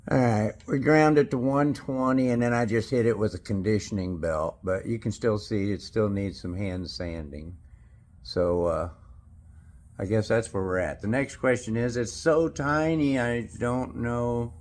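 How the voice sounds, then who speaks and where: Folksy low-voiced man in a workshop. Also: unhurried, a little mellow, a little hiss or hum. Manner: folksy, chatty, thinks aloud. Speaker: knifemaker. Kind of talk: casual workshop vlog. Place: forge workshop.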